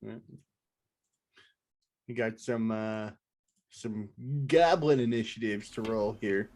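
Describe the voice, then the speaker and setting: Dude running a tabletop session, chatty, fumbles with the software as he talks. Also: fairly low pitch, slow. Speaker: game master. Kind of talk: running a tabletop game online.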